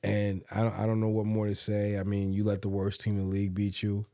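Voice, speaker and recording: A man's voice: lowish voice, monotone, brisk, dark tone, no echo, clean studio sound. A man co-hosting a podcast, chatting casually about sports and often repeating words as he thinks aloud. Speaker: podcast co-host.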